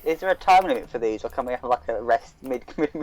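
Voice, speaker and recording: A man's voice: mid-range voice, animated, quick pace, no echo, rough recording. A man playing a tabletop game, asking hesitant questions. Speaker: player. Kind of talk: casual tabletop game chat.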